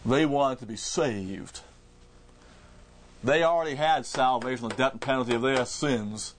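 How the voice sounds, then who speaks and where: A man's voice: mid-range voice, a little slow, slight background noise. A man preaching a verse-by-verse Bible sermon in an emphatic way, repeating words and restarting phrases as he explains.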